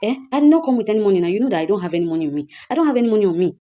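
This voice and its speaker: A woman's voice: mid-range voice, expressive, very fast, highs cut off, lightly acted. A woman with a Nigerian accent voicing a broke male friend who keeps complaining that he has no money. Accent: Nigerian English. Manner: complaining, repetitive with "eh".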